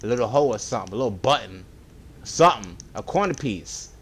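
A young man with a deep voice giving casual, excitable let's-play commentary, swearing and talking to his viewers as he plays. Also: fast, a little hiss or hum. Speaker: gaming video creator.

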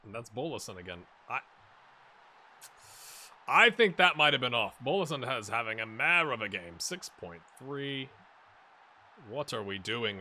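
A man hosting a let's-play video, giving casual and excitable commentary as he plays and talking straight to the viewers and the players on screen. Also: mid-range voice. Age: adult. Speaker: gaming channel host.

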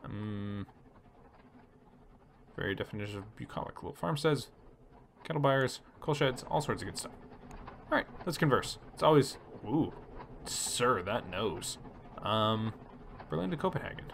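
A man hosting a relaxed let's play, reading story text aloud and chatting about his choices. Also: medium pitch, normal speed, vocal fry, pauses often, slight background noise. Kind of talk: casual gameplay commentary reading game text aloud.

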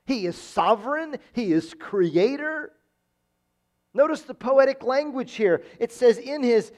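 A man with a strikingly high voice preaches a sermon as pastor. He talks emphatically, circling back to the same phrases to drive each point home. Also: expressive, measured pace, a little mellow. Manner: emphatic, repeats phrases for stress. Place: church.

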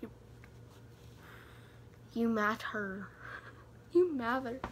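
Giddy high-voiced teen girl vlogging. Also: background noise. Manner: rambling, self-mocking, giddy on sugar. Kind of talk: casual advice vlog.

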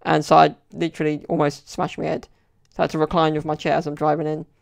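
A man's voice: on the high side, monotone, fast talker, creaky. A young man telling stories in a casual solo podcast, rambling and chatty with lots of "like" and "you know". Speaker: podcast host.

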